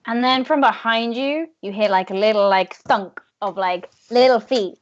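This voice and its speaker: A woman's voice: fairly high pitch, normal speed, highs cut off. A woman narrating as game master, with casual, filler-heavy storytelling.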